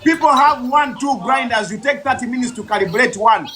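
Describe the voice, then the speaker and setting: A man's voice: very high voice, brisk, fairly bright tone. A man hosting a barista channel, defending himself and explaining with examples in a heated live debate over a video call.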